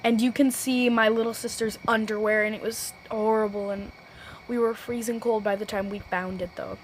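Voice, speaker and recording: Teen girl doing a storytime vlog, rambly, keeps restarting and saying low-key, kinda faint noise behind. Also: little pitch movement, moderate pace, rough recording. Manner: self-correcting, restarts sentences. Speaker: vlogger.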